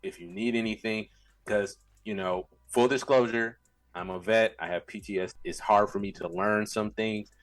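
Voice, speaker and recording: In a dry recording, a man co-hosting a podcast talks casually at a moderate pace in a fairly low voice. He's animated and keeps stumbling into stammering restarts of his sentences.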